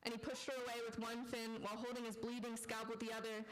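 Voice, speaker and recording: A woman author reading her own fiction aloud at a live literary event, in a deadpan storytelling manner. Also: a little high, fast talker, slight background noise, poor audio.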